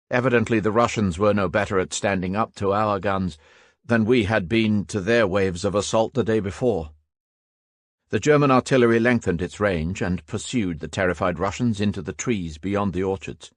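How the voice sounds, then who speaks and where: A man reading a war memoir audiobook as scripted narration, raising his voice for characters' shouts. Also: lowish voice, moderate pace, dry recording, studio quality.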